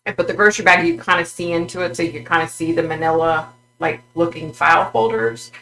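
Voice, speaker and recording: Halting, gravelly woman vlogger. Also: lowish voice, fairly bright tone, slight background noise, rough recording. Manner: halting, full of fillers and restarts. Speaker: psychic vlogger. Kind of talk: recounting a psychic vision.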